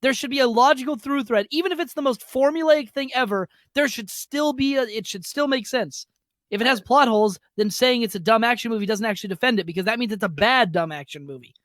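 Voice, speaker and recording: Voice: medium pitch, fast, a bit bright, dry recording. Argumentative podcast co-host, dry sound. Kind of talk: casual chat. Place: home, talking over an online voice call. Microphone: computer mic on a voice chat app.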